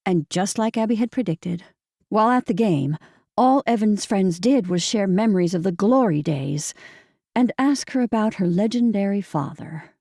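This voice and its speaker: A woman narrating an audiobook in a measured, steady storytelling manner, recorded close on a studio mic. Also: medium pitch, vocal fry, no room sound.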